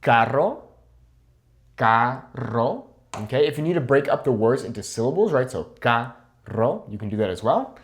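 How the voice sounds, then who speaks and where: A young man gives an encouraging online lesson on Spanish pronunciation. His medium-pitched voice is animated and a little mellow, rising and falling a lot, with slight background noise. He checks in after each point and says example words slowly and carefully.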